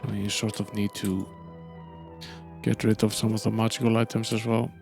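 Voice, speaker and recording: A man's voice: fairly low pitch, level tone, moderate pace, creaky, darkish tone, soft background music. A man giving casual, wry commentary while playing a video game, with dry asides. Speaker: let's play host.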